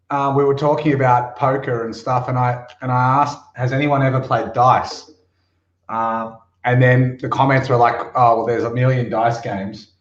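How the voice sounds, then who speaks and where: A man chatting casually on a live stream, relaxed and enthusiastic with lots of ums. His mid-pitched voice comes through roomy and echoey, and the audio sounds dull and muffled. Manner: relaxed, enthusiastic, full of fillers. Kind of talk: casual chat.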